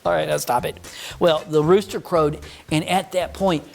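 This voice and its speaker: A man's voice: fairly high pitch, fairly even intonation, moderate pace, vocal fry, darkish tone, faint music behind. A man teaching children a Bible story, patient and mock-stern with a puppet that keeps interrupting.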